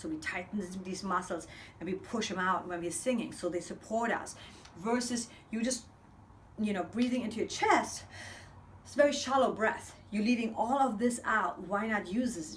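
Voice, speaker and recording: A woman's voice: medium pitch, a little hiss or hum. A woman vocal coach leading a breathing lesson, counting steadily and speaking in an upbeat, encouraging way.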